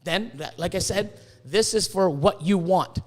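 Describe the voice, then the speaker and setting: Stammering, profane high-voiced man. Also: a little slow. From Canada. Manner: profane, stammering, repeats words, emphatic. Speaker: podcast host. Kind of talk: casual podcast chat.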